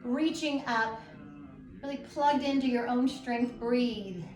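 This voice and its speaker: A woman guiding a yoga class at home, calm and encouraging as she talks listeners through each pose. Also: a little high, takes it slowly. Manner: calm, encouraging, gently instructive. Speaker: yoga instructor. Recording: echoey room with faint music.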